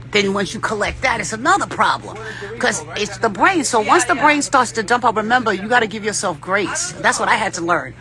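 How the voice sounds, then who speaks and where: A woman vlogger giving rambling, profane spiritual advice in a casual talk, often laughing. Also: mid-range voice.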